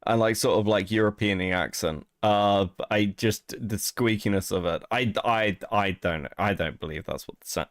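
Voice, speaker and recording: A man's voice: lowish voice, normal speed, few pauses, no room sound, studio quality. A man co-hosting a stream, reacting in a casual, profane, disbelieving way. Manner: profane, incredulous and laughing. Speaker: co-host.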